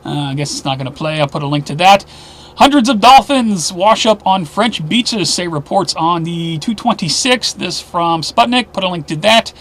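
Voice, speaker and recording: A man with a fairly high voice runs through the week's headlines in a casual commentary style. He tosses in sarcastic remarks and often sinks into a low mutter under his breath. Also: lively intonation, normal speed, a bit bright. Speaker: host of a weekly news roundup.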